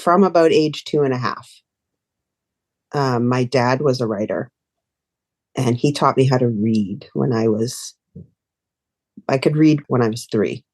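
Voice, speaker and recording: A woman guest, a writer and performer, telling animated stories in casual conversation and laughing often. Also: rumbling low, unhurried, long pauses, dry recording.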